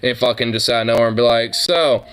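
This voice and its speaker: A man's voice: medium pitch, monotone, rapid-fire, fairly bright tone, a little hiss or hum, poor audio. A man streaming a reaction to videos, talking in a casual, rambling way that is heavy with fillers, restarts and swearing.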